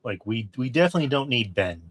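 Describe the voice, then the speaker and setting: A man's voice: mid-range voice, sing-song, fast. A man hosting a casual movie review podcast, retelling scenes at length and acting out the characters' lines. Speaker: podcast host.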